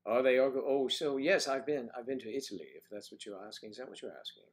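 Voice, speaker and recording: A man's voice: medium pitch, fast talker. An older man hosting a casual morning livestream, chatting playfully and greeting viewers by name as he reads their comments. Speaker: livestream host.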